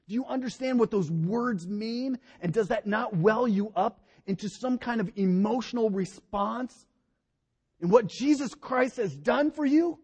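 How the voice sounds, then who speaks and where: High-voiced animated preacher man. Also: a little slow, breathy edge. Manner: animated, voice rising and dropping for emphasis. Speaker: pastor. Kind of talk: sermon.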